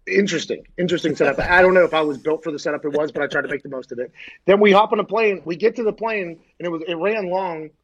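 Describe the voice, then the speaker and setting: Excitable husky-voiced male sports host. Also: fairly high pitch, quick pace, muffled recording. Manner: loud, excitable, jokey storytelling. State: short on sleep. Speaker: sports talk show host. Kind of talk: casual sports chat.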